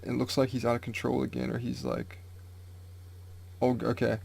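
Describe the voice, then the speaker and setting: A man casually reacting live to a manga chapter, reading panels aloud, excited and swearing freely with lots of filler words. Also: medium pitch, normal speed, gravelly, husky.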